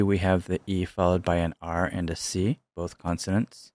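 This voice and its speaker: A man reading out pronunciation drills as a language teacher, slow and carefully enunciated. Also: low voice, little pitch movement, a little mellow, dry recording, clean studio sound.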